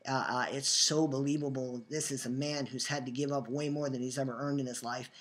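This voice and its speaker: A man's voice: medium pitch, level tone, a little fast, fairly bright tone. A young man hosting a fan show, talking earnestly in a rambling way and restarting his sentences often. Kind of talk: casual fan commentary. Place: new home, just moved in.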